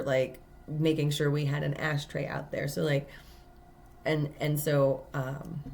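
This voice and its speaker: A low-pitched woman talks through a personal story in a casual spiritual monologue, earnest and emphatic, with plenty of fillers and restarts. A faint hiss of noise sits under her voice. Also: a little mellow. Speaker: tarot reader.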